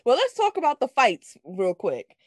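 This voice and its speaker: A woman co-hosting a relaxed movie talk, laughing often and cursing freely. Her pitch jumps around with a lively, animated swing. The sound is dry and close, with no room around it. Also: normal speed, no echo. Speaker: podcast co-host. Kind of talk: casual movie review chat.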